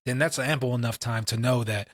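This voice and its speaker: A man's voice: medium pitch, fairly even intonation, a little fast, no room sound, studio quality. A man in his late twenties or thirties, co-hosting a casual podcast and telling stories in heavy, profane street slang. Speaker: podcast co-host.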